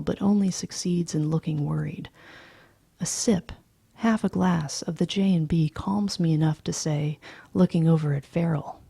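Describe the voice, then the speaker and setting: Slow gravelly woman reading a novel. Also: deep voice, fairly even intonation, no room sound. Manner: slow, hushed, half-whispered narration. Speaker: audiobook reader. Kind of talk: novel read aloud.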